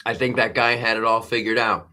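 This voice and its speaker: Rambly guy hosting a live stream, keeps restarting, bright voice. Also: on the low side, level tone, brisk. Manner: rambling, restarts often, laughs at own jokes. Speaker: host. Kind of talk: live-stream political commentary.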